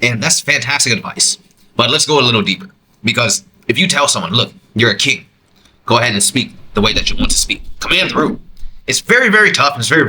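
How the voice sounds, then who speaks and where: A man talks through his own podcast in an animated, emphatic way, his pitch swinging widely and jumping to high exclamations. His voice is bright and forward. A faint hiss sits under the quiet room. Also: poor audio. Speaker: podcast host reacting to a clip. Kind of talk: reaction commentary, casual monologue.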